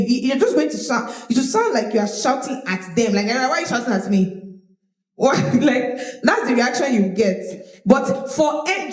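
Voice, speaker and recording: A woman teaching public speaking to a live audience, animated and demonstrative, often repeating her words. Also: high-pitched. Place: large room with audience. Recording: roomy echo of a hall.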